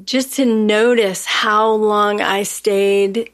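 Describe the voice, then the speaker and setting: A woman's voice: mid-range voice, steady tone, extremely slow. A woman co-hosting a relationship podcast, talking in a reflective, casual way with restarts. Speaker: podcast co-host. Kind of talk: casual chat.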